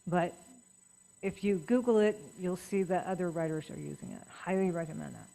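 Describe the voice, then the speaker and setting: A woman's voice: on the low side, fairly quick, creaky, rough recording. Chatty middle-aged woman giving a talk. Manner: warm, personal, chatty with lively emphasis. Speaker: guest speaker at writers' guild. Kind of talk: talk to a writers' meeting. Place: meeting room.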